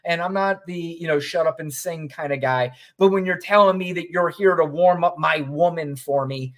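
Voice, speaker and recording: A man co-hosting a podcast, giving blunt, sardonic commentary and telling stories in an animated way. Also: a little high, moderate pace. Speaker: podcast co-host. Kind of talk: opinionated casual commentary.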